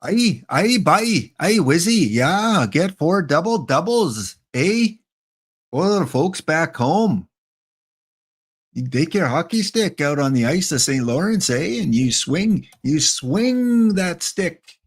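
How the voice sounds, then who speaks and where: A man putting on an exaggerated fake Canadian accent as a jokey hockey fan, tagging his lines with drawn-out "eh". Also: medium pitch, lively intonation, husky.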